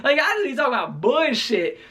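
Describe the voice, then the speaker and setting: A man in his twenties who tells a story in a casual, animated and profane way, full of slang, as a vlogger. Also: very high-pitched, fast talker. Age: 20s.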